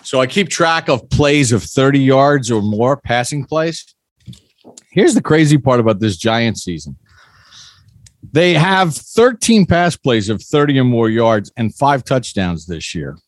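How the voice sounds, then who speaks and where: A man hosting a sports podcast, talking stats in a casual, animated way. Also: mid-range voice, unhurried, dry recording. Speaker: podcast host.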